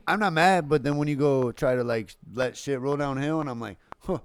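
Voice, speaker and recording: A man co-hosting a casual sports podcast, excitable and laughing as he tells workplace stories. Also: medium pitch, a little fast, clear, resonant tone. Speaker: podcast co-host. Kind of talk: casual chat.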